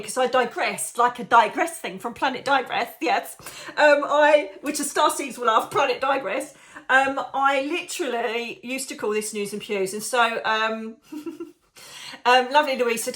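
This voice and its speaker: A woman from the UK hosting her psychic medium show, chatting warmly to viewers, digressing often and calling them darling. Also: a little high, normal speed. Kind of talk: casual chat to viewers.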